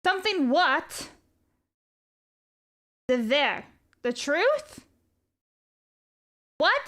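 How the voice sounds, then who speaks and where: A woman with a high voice talks through a casual live stream. She rambles loosely, swears freely and reads viewer messages aloud between tangents. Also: lively intonation, normal speed, a bit bright. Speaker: livestreamer.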